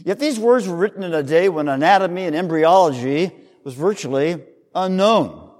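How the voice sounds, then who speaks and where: A male pastor preaching a sermon, teaching in an explanatory way with emphatic rises and soft trailing drops. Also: high-pitched, lively intonation, normal speed, long reverb tail.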